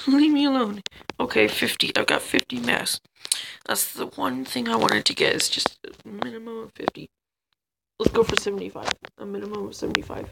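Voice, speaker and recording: A man giving let's play commentary as a channel host, excitable, chattering at the other players and yelping when chased. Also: extremely high pitch, brisk, gravelly, heavy background noise.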